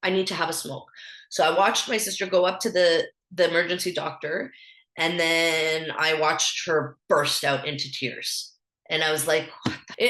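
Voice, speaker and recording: A woman's voice: deep voice, steady tone, normal speed, bright, forceful tone. A woman in her thirties with a Canadian accent, a podcast guest telling a personal story candidly, with lots of fillers. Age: 30s. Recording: echoey room.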